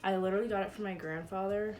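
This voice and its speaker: Talking very fast in a mid-range, darkish voice with fairly even intonation, a twenty-something woman narrates her makeup routine in a room at home. Her get-ready-with-me chat is casual, crude, and stuffed with "like", with soft music in the background.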